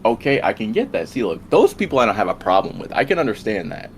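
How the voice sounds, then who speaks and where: A man's voice: on the low side, big pitch swings, fast, a little hiss or hum. A man making a rambling, repeating case in a casual debate over a voice call. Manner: rambling, repeats and restarts while arguing.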